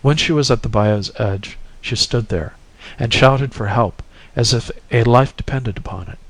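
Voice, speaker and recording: Guy reading an old story aloud, steady and expressive, dry close mic. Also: mid-range voice, a little slow, dry recording, low-quality recording. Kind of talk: audiobook narration of a classic story.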